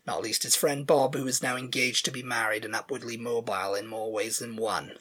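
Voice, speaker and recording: A British man with a husky, slightly breathy voice in casual podcast chat. He rambles, trails off, and leans on fillers, now and then reading a show synopsis aloud. He sits at a middling pitch. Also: steady tone, brisk, pushed and bright. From Britain. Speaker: podcast co-host.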